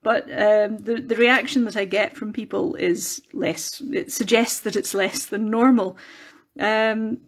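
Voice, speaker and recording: A woman chatting casually while crafting during a live phone video, rambling and restarting as she works. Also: a little slow. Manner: chatty, rambling, with many restarts and animated pitch jumps.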